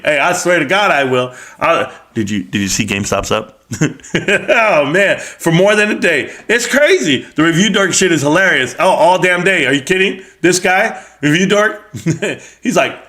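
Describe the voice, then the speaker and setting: Brash, bright-voiced middle-aged man streaming. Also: on the high side, animated, normal speed. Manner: brash, joking, profane banter answering chat. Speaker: live stream host. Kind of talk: casual live stream chat. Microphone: streaming microphone.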